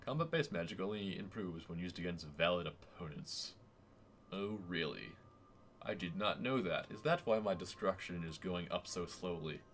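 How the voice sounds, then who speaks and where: A man's voice: low-pitched, expressive, normal speed, slight background noise. A man casually commenting on a video game as he plays, joking and chatting to the characters on screen. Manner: playful, jokey, talks to game characters. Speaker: gaming YouTuber. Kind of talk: casual Let's Play commentary. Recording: game music loud behind voice. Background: game music.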